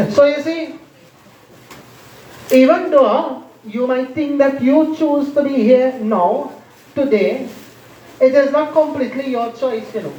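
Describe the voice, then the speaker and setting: A man's voice: very high voice, takes it slowly, long pauses, mellow. A man preaching as a religious teacher, retelling a holy story, putting questions to his listeners and breaking into chanted verses. He sounds far from the mic in a reverberant hall, on a muffled, lo-fi recording. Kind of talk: sermon storytelling. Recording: distant, roomy, dull lo-fi.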